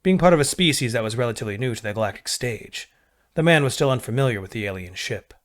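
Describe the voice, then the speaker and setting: A man narrating a military science fiction story in a measured, steady read. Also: medium pitch. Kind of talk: scripted sci-fi narration.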